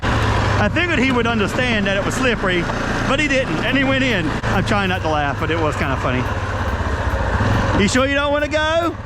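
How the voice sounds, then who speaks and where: Casual dad vlogger, high voice, outdoor noise under him. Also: male voice, animated, brisk. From North Carolina, US. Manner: laid-back, joking, coaxing his son. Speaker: vlogger filming his son mudding. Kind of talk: casual vlog commentary. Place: outdoors at a muddy trail.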